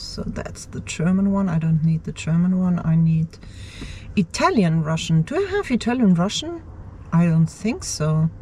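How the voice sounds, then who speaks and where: A woman's voice: fairly low pitch, warm tone, slight background noise. A woman vlogger in her car's driver's seat, thinking aloud as she works. She mutters to herself, hesitates and repeats words. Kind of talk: thinking aloud while working on a computer.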